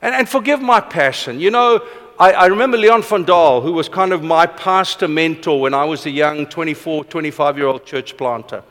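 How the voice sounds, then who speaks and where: A middle-aged man preaching a passionate sermon, rushing ahead and then slowing for emphasis. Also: fairly high pitch, a bit bright. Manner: passionate, fast-paced with sudden slow emphatic drops. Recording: long reverb of a large hall.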